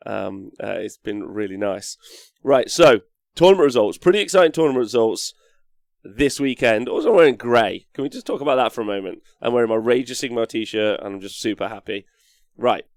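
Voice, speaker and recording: A man hosting a live-streamed show, talking in a rambling, energetic way with a hoarse, worn-out voice as he reads out chat messages. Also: fairly low pitch, moderate pace, no room sound, clean studio sound. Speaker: host.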